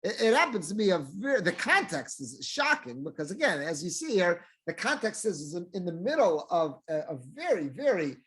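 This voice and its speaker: A man's voice: sits high, sing-song, moderate pace, hardly any pauses, fairly bright tone, slightly rough. A man, a rabbi, teaching a Torah class, reading Hebrew verses and explaining them line by line in a conversational way.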